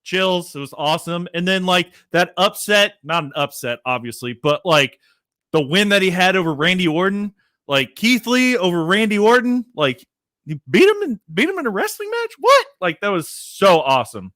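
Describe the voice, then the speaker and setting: A man hosting a casual livestream chat, rambling and animated, swearing freely and laughing at himself. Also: high-pitched, normal speed, no echo, studio quality. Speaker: livestream host.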